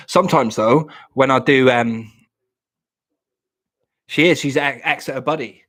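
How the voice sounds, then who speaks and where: Guy streaming live, jokey and rambling, chatting to his viewers, mid-pitched voice. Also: a little slow, pauses often, fairly bright tone. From England. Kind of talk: casual live-stream chat.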